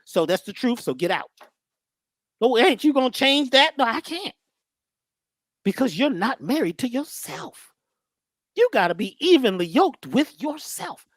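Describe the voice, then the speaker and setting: Animated preachy woman. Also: high voice, unhurried, no room sound. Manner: rhetorical questions, repeats phrases, slangy. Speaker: guest teacher on mindset and healing. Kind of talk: preachy motivational talk.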